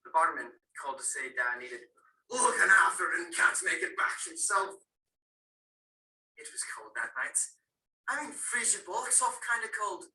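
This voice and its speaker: A young man with an Irish accent performing a dramatic solo as an Irish boy recalling his violent drunken father, swinging between hushed and loud. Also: high voice, big pitch swings, moderate pace, heavily acted. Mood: fearful. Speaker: student competitor. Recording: roomy, far from the mic.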